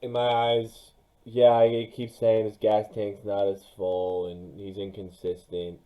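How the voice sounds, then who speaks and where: A young man giving casual, excitable commentary on his own football mock draft, speaking straight to his viewers. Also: fairly low pitch, slow, low-quality recording. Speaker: sports YouTuber.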